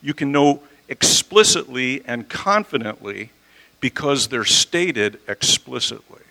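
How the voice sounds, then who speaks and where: A man's voice: medium pitch, very animated, slow pace, creaky, sharp tone, rough recording. A man preaching an expository sermon as a pastor in a church, talking conversationally and asking his listeners questions. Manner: conversational, asks the audience questions. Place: church sanctuary.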